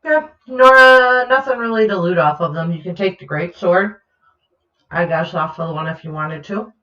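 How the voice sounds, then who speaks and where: A woman running a tabletop game as game master, narrating in a relaxed, halting way. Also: fairly low pitch. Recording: echoey, dull lo-fi mic.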